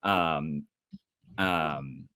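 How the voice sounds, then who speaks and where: Young man, low voice, dry close sound; heated swearing podcast rant. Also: drawn-out words, pushed and bright, no echo. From Indiana. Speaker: podcast co-host. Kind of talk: casual podcast chat.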